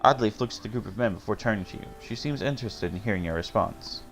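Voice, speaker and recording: Low-voiced man streaming a game. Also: fast, fairly bright tone, soft background music. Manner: reads game text, laughs, self-mocking asides. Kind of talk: let's-play narration and commentary.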